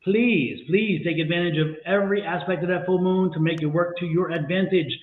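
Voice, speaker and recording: A man's voice: high-pitched, fairly even intonation, a little fast. Man, upbeat livestream host, repeats instructions, roomy tinny audio. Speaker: tarot reader co-host. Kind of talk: livestream chat.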